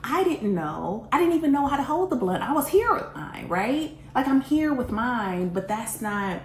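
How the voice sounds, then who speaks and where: A woman telling a personal story in a casual storytime vlog, animated and self-mocking, often laughing. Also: fairly high pitch, moderate pace. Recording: roomy echo, faint background hiss.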